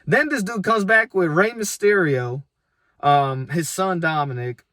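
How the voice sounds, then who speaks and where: A man's voice: sits high, unhurried, sharp tone, no room sound. A man, a pro wrestler, casually telling a story about his career in a laid-back, self-deprecating, rambling way.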